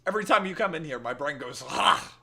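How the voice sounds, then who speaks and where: A man's voice: fairly high pitch, lively intonation, rapid-fire, bright, forceful tone. A man streaming games, bantering with chat in a joking, teasing way and putting on a playful accent that keeps slipping. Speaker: gaming streamer. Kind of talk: casual live-stream chat.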